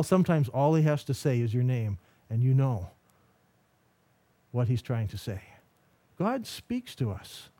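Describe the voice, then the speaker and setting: A middle-aged man giving a storytelling lecture, animated and acting out the voices of the people in his stories. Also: sits high, no room sound.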